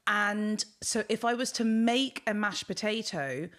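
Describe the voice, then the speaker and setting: A woman's voice: mid-range voice, measured pace, a bit bright. A woman with a British accent hosting a podcast, chatting casually and teasing her guest. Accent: British English. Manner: chatty, teasing, laughs often. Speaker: podcast host. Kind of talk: casual chat.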